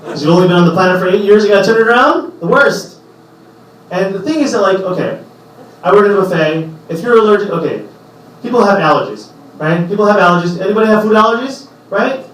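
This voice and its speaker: A man performing a stand-up comedy set in a small club, talking conversationally and slipping into quick impressions of the people in his stories. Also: sits high, expressive. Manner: conversational, acts out characters in quick bursts. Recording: roomy echo from a distant mic.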